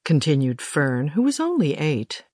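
A woman narrating a children's story audiobook in a steady, measured way. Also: sits low, breathy edge, no room sound, clean studio sound.

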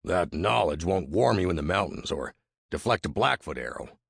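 A man voicing a gruff, skeptical older frontier trapper with a husky, gravelly voice and a mocking drawl in a storybook narration. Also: sits low, big pitch swings, moderate pace, a bit bright, dry recording, studio quality, heavily acted. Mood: stern.

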